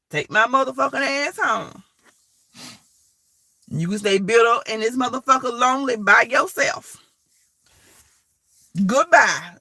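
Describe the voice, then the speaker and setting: A woman tells stories in a casual, blunt and profane manner. Her voice sits high and bright and swings widely in pitch. The sound is close and dry. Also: no room sound. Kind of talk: casual storytelling.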